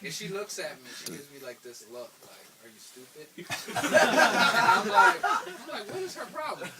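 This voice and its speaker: A man's voice: high voice, huge pitch swings, moderate pace, over a noisy crowd. A young man from the Philadelphia area telling a casual story to friends, often laughing at himself and mimicking the people in it. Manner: laughs through his own story, mimics others. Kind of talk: casual anecdote told to friends. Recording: distant mic with loud background noise.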